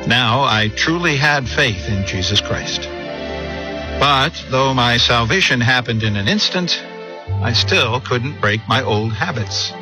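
A man tells his life story in a reflective, earnest narration with a voice of middle pitch. Music is clearly heard under his words. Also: expressive, slow pace. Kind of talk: personal testimony narration.

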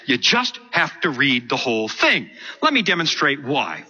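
A man preaching a sermon, telling stories with lively acted-out quotes. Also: medium pitch, normal speed, slightly rough. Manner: animated, storytelling with acted quotes. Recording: muffled lo-fi sermon recording.

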